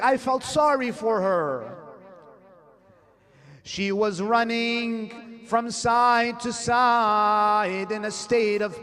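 A man preaching an emotional sermon, telling a story slowly and dramatically, growing impassioned and chanting Arabic quotations in a sung style. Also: very high voice, fairly bright tone. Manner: switches between English and classical Arabic recitation. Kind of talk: emotional religious sermon narration.

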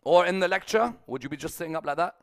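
Emphatic preacher, a man with a lively voice. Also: high voice, fast talker, dry recording, studio quality. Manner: emphatic, rising to loud peaks then dropping soft; repeats phrases rhythmically, asks the audience questions. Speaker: speaker at a religious gathering. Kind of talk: sermon.

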